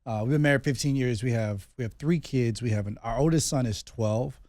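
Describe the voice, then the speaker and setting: A man's voice: mid-range voice, a little fast, a little mellow, no room sound, clean studio sound. A man in his thirties co-hosting a casual podcast, talking in a loose, rambling way with many fillers and restarts. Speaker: podcast co-host. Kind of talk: casual chat.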